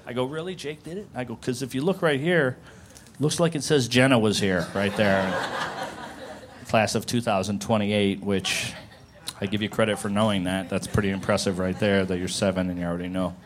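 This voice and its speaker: A man's voice: fairly low pitch, moderate pace, slight background noise. A man doing stand-up comedy, telling family stories and acting out their voices. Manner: storytelling with lively acted-out voices.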